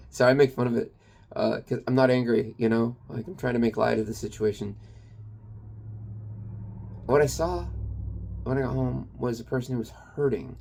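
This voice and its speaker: A kratom vendor who runs his own channel rambles loosely through a confessional personal story, full of fillers and some swearing. His medium-pitched voice is a little mellow with vocal fry, moving at normal speed with long pauses over slight background noise.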